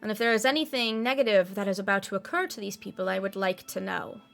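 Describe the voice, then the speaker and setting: A woman's voice: medium pitch, fast talker, vocal fry, fairly bright tone, faint music behind. A woman voicing a tall, strong half-elf woman who leads a town, guarded and blunt.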